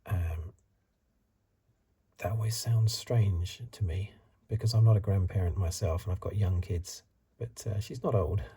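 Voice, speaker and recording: A middle-aged man hosting a soft-spoken ASMR card review, rambling in asides and drifting into whispers, recorded close to the mic. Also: low voice, measured pace, breathy edge. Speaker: ASMR channel host.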